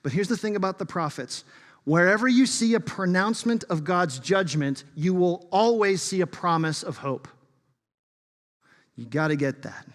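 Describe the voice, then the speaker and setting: A man's voice: sits high, expressive, normal speed. Emphatic male pastor in a reverberant hall. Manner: emphatic, swings from loud to hushed. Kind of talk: sermon. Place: church sanctuary. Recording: long reverb of a large hall.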